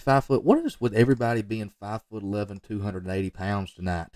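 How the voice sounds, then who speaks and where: A man commenting off the cuff on football highlight film, rambling into joking asides and talking straight to the players. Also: expressive, fast talker, darkish tone, dry recording, recorded from a distance. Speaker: football recruiting video reviewer.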